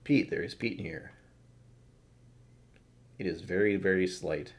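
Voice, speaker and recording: A man's voice: low voice, a little slow. A tired man casually rambling through whisky tasting notes, self-deprecating and swearing now and then. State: tired from poor sleep. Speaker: whisky reviewer.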